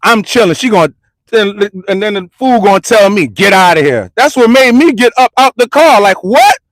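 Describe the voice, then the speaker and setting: A man from the United States with a very high voice rants in a heated street vlog, hammering the same slangy lines again and again. His voice is close and dry on a phone mic, with no room sound. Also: a little fast, no echo. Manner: repetitive, slangy, confrontational ranting. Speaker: vlogger and commentator. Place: parked car.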